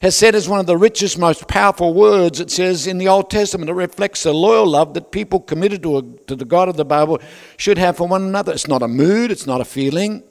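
A man's voice: high-pitched, fairly quick, gravelly. A man preaching a sermon, conversational with joking asides to the congregation. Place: large church hall. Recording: long reverb of a large hall.

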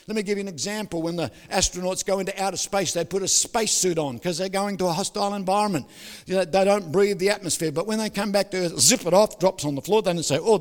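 An older man, preaching a sermon with jokes, stories and sudden loud outbursts. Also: high voice. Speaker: pastor. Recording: hall reverb.

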